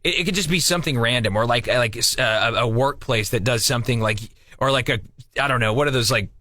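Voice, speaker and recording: A man's voice: medium pitch, fast, bright, forceful tone, no room sound. A man in his thirties co-hosting a radio show, rambling casually with many fillers. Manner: rambling, lots of filler likes. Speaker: radio co-host. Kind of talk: casual studio chat.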